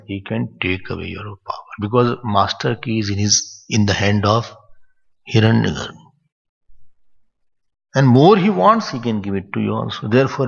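A man's voice: lowish voice, gravelly, slightly rough. An older man with an Indian English accent gives a scripture discourse as a spiritual teacher, teaching in a conversational, digressive way. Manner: conversational, digressive teaching, mixing in Hindi phrases. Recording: dull, echoey hall recording.

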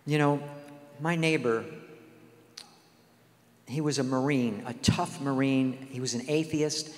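A man's voice: medium pitch, fairly even intonation, slow. A man preaching a sermon, telling stories earnestly and acting out the dialogue. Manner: earnest storytelling, acts out quoted dialogue. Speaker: guest speaker. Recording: long hall reverb.

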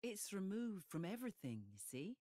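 A mellow motherly villager. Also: medium pitch, normal speed, dry recording, clean studio sound. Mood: kindly. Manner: kindly, calm. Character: warm, motherly village woman.

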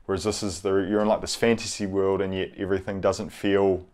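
Low-voiced man rambling through a review. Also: flat delivery, brisk, a little mellow. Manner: hesitant, lots of ums and restarts, low-key. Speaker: video reviewer.

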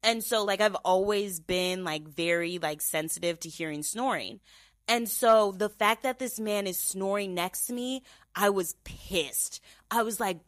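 A young woman tells a story in relaxed podcast chat, with many fillers and lively replays of her own thoughts. Her pitch sits in the middle for a woman. The recording is dry and close, with no room sound. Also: moderate pace, no echo. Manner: animated, filler-heavy storytelling, mimics her own inner voice. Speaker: podcast host.

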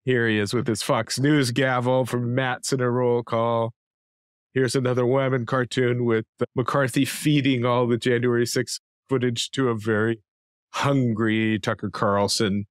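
A man's voice: medium pitch, level tone, measured pace, smooth, no room sound, clean studio sound. A man hosting a casual talk show, presenting items and pushing back with pointed questions. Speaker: host.

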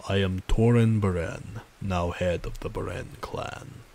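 A man's voice: deep voice, steady tone, a little slow, a little mellow, slight background noise. A man voicing a formal, guarded young male clan leader with a thick accent. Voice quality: thick foreign-sounding accent.

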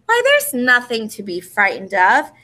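A woman doing a calm eldest brother bear. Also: fairly high pitch, measured pace, exaggerated voice. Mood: reassuring. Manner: soothing and explanatory. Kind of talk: children's storybook reading.

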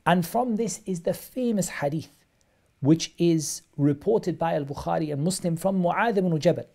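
A man's voice: fairly high pitch, moderate pace, gravelly, warm tone. A man teaching a live online religious lesson, explaining texts step by step and repeating phrases for emphasis. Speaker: Islamic studies teacher.

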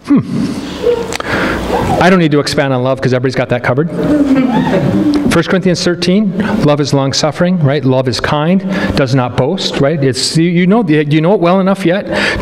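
A man preaching a sermon as pastor, chatty with joking asides and slow, emphatic scripture reading. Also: a little high, long reverb tail, slight background noise. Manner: conversational, joking asides to the congregation; reads scripture slowly and emphatically. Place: church sanctuary.

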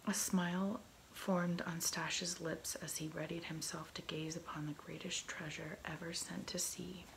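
Gravelly whispering woman reading a story. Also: lowish voice, little pitch movement. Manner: soft, slow whispered storytelling. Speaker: ASMR reader. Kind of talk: whispered role-play. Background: faint heater hum.

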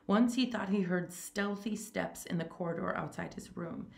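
A woman reading a short story aloud in a steady, plain manner, with small stumbles. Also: fairly low pitch, moderate pace, vocal fry. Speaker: reader.

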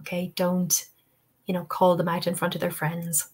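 A woman's voice: fairly low pitch, completely flat delivery, normal speed, darkish tone, breathy edge. Chatty woman hosting a webinar. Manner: chatty, encouraging, peppered with "okay" and "you know". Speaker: webinar host and English-teaching trainer. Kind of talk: live webinar Q&A.

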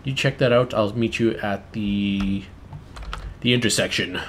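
A man's voice: fairly low pitch, steady tone, measured pace. A young man with a Canadian accent, chatting and swearing casually while playing a video game. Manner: swears a lot, teasing, laughs often. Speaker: gaming video host. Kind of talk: casual gaming banter. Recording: faint keyboard noise behind.

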